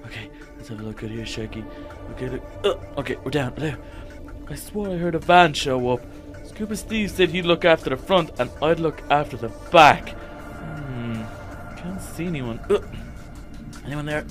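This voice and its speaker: A man voicing a jittery, high-voiced shark hero. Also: a little slow, soft background music, lightly acted. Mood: nervous, cautious. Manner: panicky, rambling, yelps and stammers when scared. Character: anxious, talkative young male shark hero. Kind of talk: Minecraft role-play voice acting.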